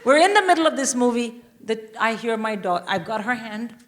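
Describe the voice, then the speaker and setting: High-voiced woman telling a stage story. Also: slight background noise. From India. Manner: animated, swearing, quick asides to a laughing audience. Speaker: guest comedian. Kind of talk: stand-up storytelling. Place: live theatre stage. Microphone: stage microphone.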